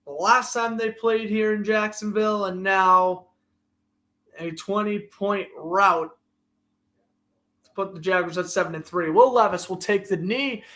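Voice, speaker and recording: A young man calls a football game as an amateur play-by-play commentator, with a high voice. He walks through downs, scores and standings in a running, conversational commentary. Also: unhurried. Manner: excitable, gets loudly indignant at referees. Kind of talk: amateur live sports commentary.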